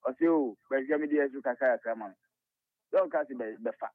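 Ghanaian caller on a tinny phone line. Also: male voice, mid-range voice, fast talker, dry recording. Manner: emphatic, repeating his point. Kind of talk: call-in radio chat.

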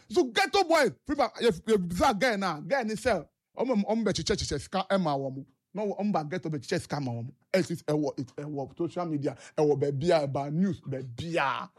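A man's voice: sits high, fairly bright tone. A man with a Ghanaian English accent, calling in to a talk show and giving impassioned political commentary with rhetorical questions. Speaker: caller.

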